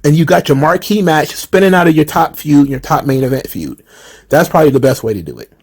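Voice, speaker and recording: A man hosting a casual chat about wrestling, animated and quick to laugh, who asks lots of rhetorical questions. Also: a little high, slightly rough. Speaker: channel host answering viewer questions.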